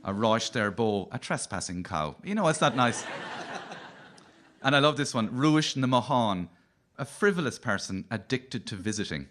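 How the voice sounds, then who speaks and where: A comedian from Cork, Ireland, hosts a radio comedy show, telling wry, playful stand-up stories in his Cork accent. His lowish voice is animated at a moderate pace, with noise in the background.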